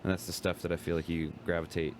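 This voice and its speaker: Casual guest: young man, deep voice, rambling stand-up chat with faint room hiss. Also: flat delivery, fast. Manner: laid-back, rambling, lots of "like" and "bro". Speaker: guest comedian.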